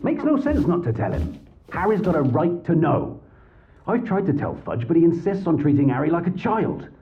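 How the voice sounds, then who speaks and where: A man reads an earnest, worried middle-aged father in a story, urgent and insistent. His voice sits high for a man and swings with energy. The sound is thin and tinny, like a phone line. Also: big pitch swings, normal speed, a little hiss or hum.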